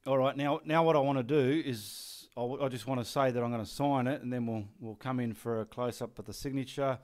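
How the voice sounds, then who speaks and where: Brisk and fairly even in intonation, this middle-aged Australian man has a medium-pitched, darkish voice. As an artist painting behind the scenes, he chats casually and gives directions, swearing freely, joking and muttering instructions to himself.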